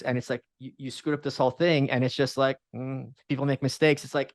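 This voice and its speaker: A man in relaxed conversation who argues his point with emphasis, breaking into quick asides and restarting his sentences. His voice sits in a middle register and is recorded close and dry, with no room sound around it. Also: medium pitch, dry recording. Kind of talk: casual conversation.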